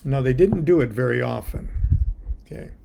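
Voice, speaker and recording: Gravelly-voiced man telling a rambling story. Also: medium pitch, noisy background. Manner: rambling, halting, with many fillers and restarts; playful, acting out announcements and voices. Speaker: author telling a personal story. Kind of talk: casual spoken anecdote.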